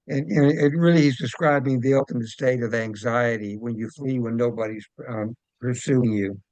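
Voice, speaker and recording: A man's voice: mid-range voice, moderate pace, hardly any pauses, a little mellow, no echo, poor audio. A man teaching an adult study class, reading scripture aloud and breaking off to explain it in plain, casual asides. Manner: reads verses steadily, with plain conversational asides.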